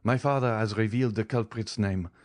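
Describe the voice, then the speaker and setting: A man voicing a shaken middle-aged prosecutor who speaks hoarsely and begs for secrecy. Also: lowish voice, fairly even intonation, fairly quick, a little mellow, dry recording, clean studio sound, close to an everyday voice. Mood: grave entreaty. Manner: hoarse, entreating.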